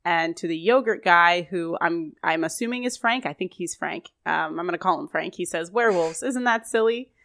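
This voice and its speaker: A woman's voice: on the low side, normal speed, vocal fry, few pauses, a bit bright. A woman co-hosting a podcast, recapping an episode in a chatty way and laughing often. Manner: laughing, chatty storytelling with quoted lines. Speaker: podcast co-host.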